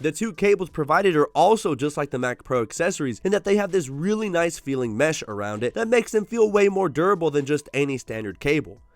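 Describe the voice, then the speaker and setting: A man's voice: on the high side, a bit bright, no room sound. A man with a sore throat gives an upbeat, wry tech review voice-over.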